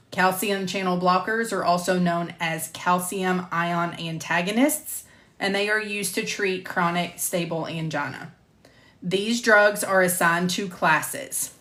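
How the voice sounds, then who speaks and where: Reading drug-related lecture material in a reverberant home room behind a closed door, a woman who teaches medical coding keeps a measured pace. Her voice is fairly low and fairly bright, and she pauses to fix mistakes and make casual asides.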